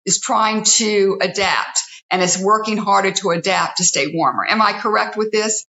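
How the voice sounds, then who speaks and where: A woman's voice: medium pitch, normal speed, sharp tone. A woman who hosts a fitness TV show, talking earnestly in an interview and counting off her points one by one. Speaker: fitness TV host, guest. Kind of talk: casual interview talk. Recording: roomy, slightly dull sound.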